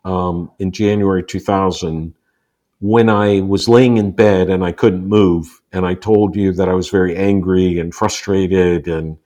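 A man in his sixties from the United States, a guest telling personal stories in a relaxed interview and acting out the quotes. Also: measured pace. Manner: animated storyteller, acts out quotes with rising pitch. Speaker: guest, author. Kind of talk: storytelling in a casual interview.

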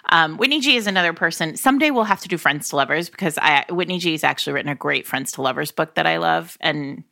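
A woman co-hosting a casual chat podcast, recommending books with quick, enthusiastic talk. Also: low voice, gravelly, sharp tone, dry recording, clean studio sound. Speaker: podcast co-host. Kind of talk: casual chat about romance novels.

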